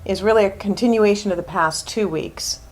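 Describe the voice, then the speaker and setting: A woman's voice: medium pitch, moderate pace. Emphatic woman giving a sermon. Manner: emphatic, repeats words for stress. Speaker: minister.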